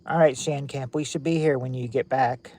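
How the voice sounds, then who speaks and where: A man's voice: mid-range voice, steady tone, normal speed, a little mellow. Chatty man streaming live. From United States. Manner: rambling, chatty, restarts often. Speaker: livestream host. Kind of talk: casual chat with live viewers. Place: at home indoors with lights on at night.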